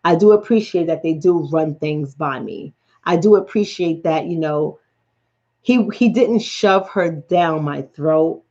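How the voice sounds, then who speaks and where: A woman's voice: deep voice, unhurried. A middle-aged woman from the Bronx with a New York accent, a relationship coach telling stories bluntly and profanely on a late-night stream. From the Bronx, New York City. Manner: blunt, profane, animated storytelling. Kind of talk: late-night livestream chat. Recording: dull lo-fi sound.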